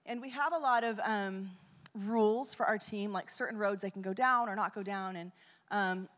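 A woman telling a story in a sermon, animated and acting out the quotes. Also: mid-range voice, normal speed. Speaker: speaker at a church or conference. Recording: long hall reverb.

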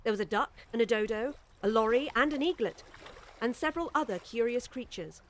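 A woman's voice: on the high side, animated, brisk. Woman narrating a storybook.

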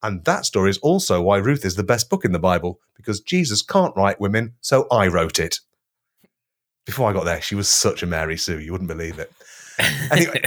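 A man with a lowish voice tells a ridiculous tale in grand, self-important deadpan. His pitch rolls up and down as he performs a comedy podcast bit, dry and straight-faced throughout. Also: a little fast. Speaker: podcast co-host. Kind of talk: comic storytelling.

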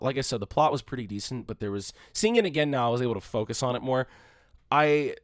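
A man's voice: mid-range voice, dry recording, studio quality. Profane, rambling man in casual chat. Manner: profane, rambling, animated, mocking quotes. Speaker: podcast co-host. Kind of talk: casual movie review chat.

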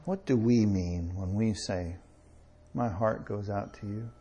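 A man preaching a sermon in a conversational way, with chuckles and slow emphatic pauses. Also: lowish voice, mellow, breathy edge.

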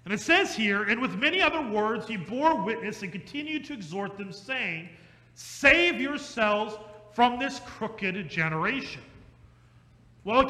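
A male pastor preaching an emphatic, repetitive sermon that slows down for stress and speeds up in asides. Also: sits high, pushed and bright. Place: church sanctuary. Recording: echoey church hall.

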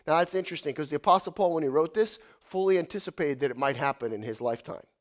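A man in his fifties delivering a church sermon in a fairly high, light voice. He is animated, rising to loud, ringing exclamations and then dropping to hushed, quiet asides. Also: fast talker. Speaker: pastor.

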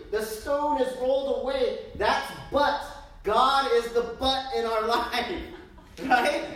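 A woman pastor preaching a sermon in a lively, joking way, full of rhetorical questions, in a church. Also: fairly high pitch. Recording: very echoey room, distant mic.

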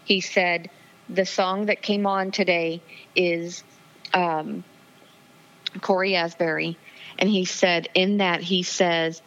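Interview guest, woman, 40s, earnest and emotional, lots of ums, slightly low voice, muffled phone audio. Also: flat delivery, takes it slowly, pauses often, fairly bright tone. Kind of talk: personal testimony in interview.

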